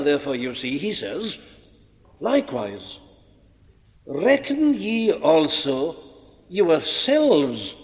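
A man preaching an expository sermon, emphatic and deliberate, posing rhetorical questions and answering them. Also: a little high. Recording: muffled old recording in a reverberant hall.

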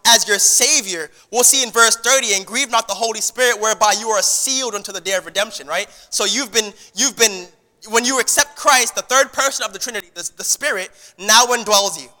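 A man's voice: high voice, pushed and bright, long reverb tail. A man preaching a sermon to his congregation in a conversational style, repeating words and restarting phrases as he goes. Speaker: pastor. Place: church sanctuary.

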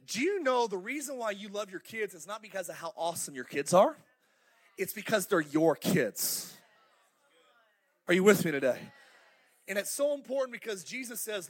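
A high-pitched middle-aged man preaches with fire, urging the congregation on with call-outs. He swings between loud bursts and quiet, close asides, speaking through a stage microphone in a church auditorium. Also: moderate pace. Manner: fiery, animated preaching with crowd call-outs. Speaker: pastor. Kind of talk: sermon.

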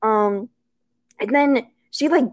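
High-voiced woman telling a rambling story. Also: slow, dry recording. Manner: rambling, filler-heavy, laughs often, acts out quotes. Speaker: storyteller on a chat show. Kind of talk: casual storytelling chat.

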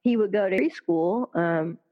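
A woman hosting a casual podcast conversation, chatty and animated, with lots of "you know" and "like". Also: medium pitch, measured pace, highs cut off. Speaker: podcast host.

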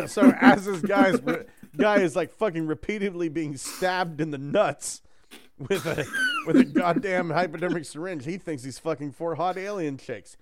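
A man's voice: on the high side, measured pace, over a noisy crowd. A man hosting a casual podcast chat, telling crude stories with jokes. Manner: crude, joking storyteller. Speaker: podcast host.

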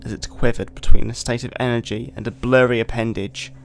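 Man, gravelly voice, measured storytelling, podcast host, dramatic reading. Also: medium pitch, level tone, slight background noise. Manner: measured, deliberate storytelling delivery.

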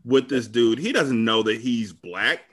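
A deep-voiced man hosts a casual podcast, rambling through a movie recap and swearing freely. His pitch sits in an ordinary middle range, and he talks like he's among friends. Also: measured pace, a bit bright. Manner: profane, rambling, retelling scenes. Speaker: podcast host. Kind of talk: casual movie-review chat.

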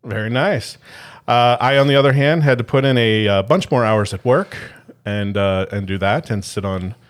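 A man's voice: medium pitch, moderate pace. A man co-hosting a podcast in casual chat, joking and rambling with frequent fillers. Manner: jokey, rambling with many "uh" fillers and laughs. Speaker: podcast co-host.

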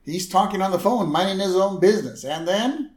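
A man with a lively, bouncing voice and a slightly high pitch co-hosts a casual podcast, laughing often as he retells a cartoon episode. His voice rings in an echoey room. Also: a little fast. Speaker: podcast co-host. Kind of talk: casual chat recapping an episode.

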